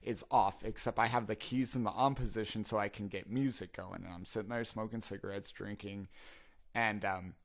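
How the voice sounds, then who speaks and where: A man's voice: lowish voice, normal speed. A young man telling stories in a casual podcast chat, swearing and laughing often. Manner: animated storytelling, swears and laughs a lot. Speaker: podcast co-host.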